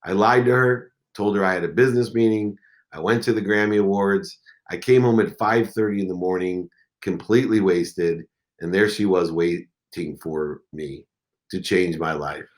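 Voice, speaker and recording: A man in his forties telling a personal story as a podcast guest, intense and swinging between quiet and loud. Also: low-pitched, steady tone, moderate pace. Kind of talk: emotional storytelling.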